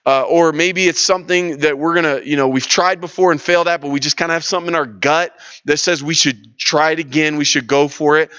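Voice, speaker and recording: Smooth-voiced man leading a church workshop. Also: a little high, sharp tone, dull audio. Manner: casual storytelling, lots of restarts and fillers. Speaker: church leadership workshop leader. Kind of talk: conversational teaching session.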